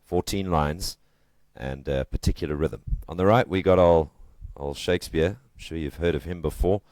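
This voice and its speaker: Very deep-voiced male literature teacher. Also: moderate pace, a little mellow, dry recording, clean studio sound. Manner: chatty and joking, with emphatic stresses. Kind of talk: casual video lesson.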